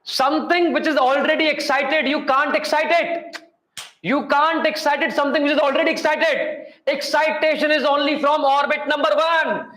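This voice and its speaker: A man with an Indian English accent teaching a chemistry class, energetic and repetitive, coaxing his students to answer. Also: extremely high pitch, normal speed, reverberant, low-quality recording. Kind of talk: classroom lecture.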